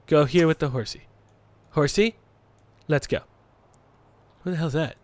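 A young man giving casual gameplay commentary, goofy and mock-dramatic, swinging from mumbled asides to loud outbursts and bits of made-up song. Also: a little high, unhurried, pauses often.

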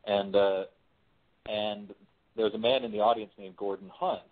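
A low-voiced man chats easily as an interview guest, often restarting his sentences. His voice comes through a thin, phone-like line that cuts the lows and highs. He sounds relaxed and unhurried, like a working writer and voice actor. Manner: relaxed, chatty, frequent restarts. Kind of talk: casual interview chat.

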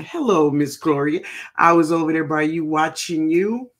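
A woman's voice: sits low, moderate pace. A woman hosting a gardening live stream, chatting casually and greeting viewers by name.

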